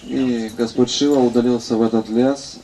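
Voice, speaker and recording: Steady male interpreter, monotone delivery, noise behind him. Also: mid-range voice, fairly quick. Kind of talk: live interpreting.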